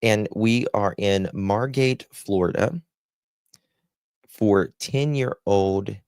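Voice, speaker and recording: A man hosting a live stream, slowly greeting viewers by name with endearments like honey and my dear, heartfelt and gentle. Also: fairly low pitch, creaky, no echo. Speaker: livestream host.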